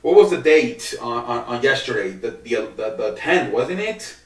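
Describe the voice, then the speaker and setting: A man's voice: medium pitch, expressive, normal speed. A man hosting a solo sports podcast, rambling and swearing with many restarts. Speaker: podcast host. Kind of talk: casual solo sports talk. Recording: echoey room, distant from the mic.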